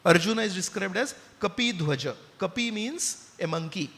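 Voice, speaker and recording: A man's voice: high-pitched, normal speed. A man with an Indian accent gives a devotional talk, telling a story and asking his listeners questions. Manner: animated storyteller, asks the audience questions. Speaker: spiritual speaker. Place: temple hall with listeners. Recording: long reverb of a hall.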